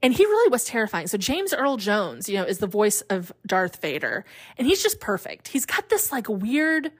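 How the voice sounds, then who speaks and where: A woman in her forties hosting a podcast in casual chat, chatty and animated, laughing often. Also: mid-range voice, normal speed. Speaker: podcast host.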